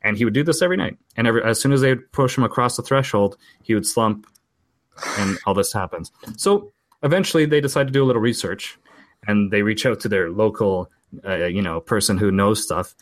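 A low-voiced man in his forties from Portugal tells a long family story in a loose, rambling way. He often restarts his sentences and acts out the people he quotes. His voice is recorded close and dry, with no room sound. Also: lively intonation, brisk, dry recording. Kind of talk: casual storytelling.

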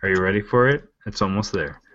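A man's voice: low voice, animated, fast, a bit bright. A man co-hosting a podcast in casual chat, hesitant and giggly as he tries out accents. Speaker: podcast co-host. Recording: dull lo-fi podcast audio.

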